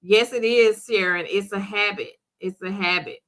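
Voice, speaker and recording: A middle-aged woman hosts a relaxed live chat. She reads out viewer comments and answers each one directly. Her voice is bright and forward, with frequent laughter. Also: mid-range voice, moderate pace. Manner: chatty, laughs often, talks back to commenters. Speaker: livestream host reading viewer comments. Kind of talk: casual chat.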